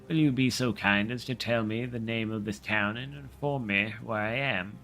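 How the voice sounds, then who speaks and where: A man voicing a polite, formal young gentleman in a storybook reading. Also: medium pitch, normal speed, creaky, faint music behind. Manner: formal and courteous.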